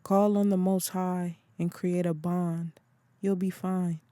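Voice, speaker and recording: A reader doing a calm, wise motherly elder. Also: mid-range voice, takes it slowly, no echo, close to an everyday voice. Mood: soothing. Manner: soothing, assured, calls others child. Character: older motherly spiritual woman, calm and wise. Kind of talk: audiobook character voice.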